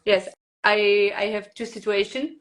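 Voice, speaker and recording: A young adult woman from Poland, a stand-up comedian, speaking English with a Polish accent in a halting, laughing, casual interview manner. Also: medium pitch, steady tone. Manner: halting non-native English, laughs often.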